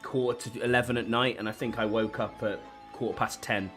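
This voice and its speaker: A man's voice: mid-range voice, steady tone, a little fast, a bit bright. Northern english guy on a podcast, worn out with flu, rambles and restarts, faint music under him. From northeast England. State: tired with a flu. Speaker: podcast co-host. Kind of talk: casual chat.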